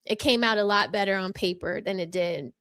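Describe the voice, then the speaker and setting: A woman's voice: medium pitch, brisk, a bit bright, dry recording. A woman hosting her own channel, giving an impassioned commentary with a sassy, emphatic, mock-courtroom delivery into a microphone. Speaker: channel host.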